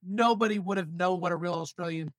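A male stand-up comedian from Los Angeles, telling stories with animated asides in a casual podcast chat. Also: high-pitched, fast, no room sound. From San Fernando Valley, Los Angeles.

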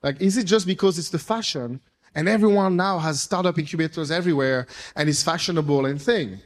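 A man, an entrepreneur, speaking casually to an audience, telling animated, rambling stories with playful swearing. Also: a little high, fairly quick. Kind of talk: casual storytelling talk. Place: event room with audience.

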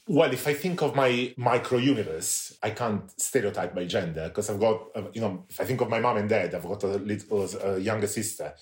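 A man with a Central Italian accent, a guest on a podcast, talking in a relaxed, modest way. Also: on the low side, brisk, hardly any pauses. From Italy. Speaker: podcast guest, baker and author. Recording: roomy echo.

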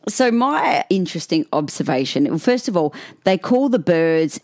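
An Australian woman co-hosting a casual chat, playful and quick to laugh. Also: fairly low pitch, big pitch swings, a little mellow, no room sound, clean studio sound. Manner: giggly, playful. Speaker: podcast co-host.

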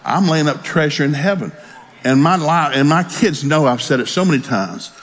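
A pastor preaching a sermon in a folksy, storytelling way with joking asides. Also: male voice, a little high, animated, moderate pace, fairly bright tone.

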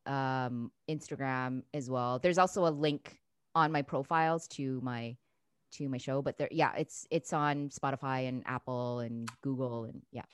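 Slow, low-voiced woman podcast guest. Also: clear, resonant tone, no echo. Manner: soft-spoken, hesitant with fillers. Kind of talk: casual chat.

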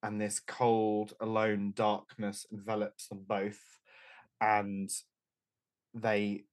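Brief: man with a lowish voice, reflective player talk in a tabletop game. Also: completely flat delivery, slow. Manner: musing, thinking aloud.

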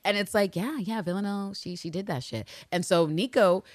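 A woman's voice: medium pitch, a little fast, dry recording, clean studio sound. A woman co-hosting a podcast, recapping a TV episode in casual, profane chat and acting out the characters' lines in put-on voices. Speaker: podcast co-host.

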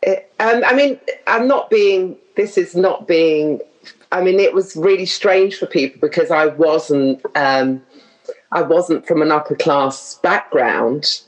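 Low-pitched and slow, this middle-aged London woman comes through on poor audio. A chatty guest with an English accent, she laughs often and drifts into tangents during casual chat.

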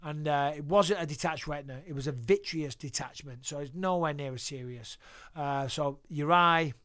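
Swearing man, high-ish voice. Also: moderate pace, dry recording, clean studio sound. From England. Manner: profane, lively anecdotal storyteller. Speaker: podcast guest. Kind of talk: casual storytelling interview.

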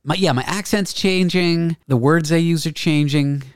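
A man in his thirties from Canada, his Canadian accent softened by New York, hosting a casual interview with quick, sarcastic, swearing banter. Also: a little high, smooth, no room sound, studio quality. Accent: Canadian, softened by years in New York. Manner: fast, sarcastic, swears freely. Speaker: podcast host.

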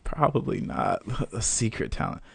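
A young man chatting as a podcast guest, animated and joking, laughing often. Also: fairly low pitch, normal speed, gravelly, husky, no echo. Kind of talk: casual interview chat.

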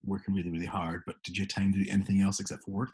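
A man's voice: low voice, flat delivery, very fast, a little mellow, husky. A man co-hosting a casual podcast chat, joking wryly and laughing often. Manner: laughs often, wry jokes. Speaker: podcast co-host.

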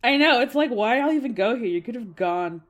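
Lively, animated woman co-host. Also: a little high, brisk. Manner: animated, swearing, laughing. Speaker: podcast co-host. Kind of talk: casual chat.

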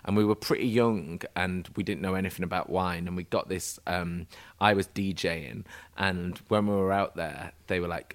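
A young man in casual podcast chat who tells lively anecdotes and acts out the voices of the people in them. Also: low-pitched, moderate pace. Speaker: guest.

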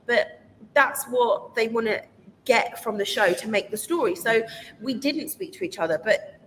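A woman guest in a casual chat, telling lively stories and laughing often. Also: a little high, normal speed. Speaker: podcast guest. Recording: roomy reverb with faint noise.

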